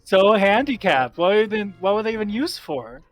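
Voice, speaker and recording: A man's voice: sits high, expressive, normal speed, no echo, faint music behind. A man chatting and joking casually while playing a game, often giggling.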